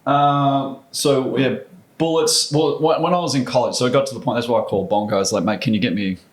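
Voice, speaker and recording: A man in his fifties with an Australian accent, a former basketball player telling stories as a guest, animated and quick to restart. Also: medium pitch. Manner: animated anecdotes, frequent restarts and laughs. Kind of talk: casual storytelling.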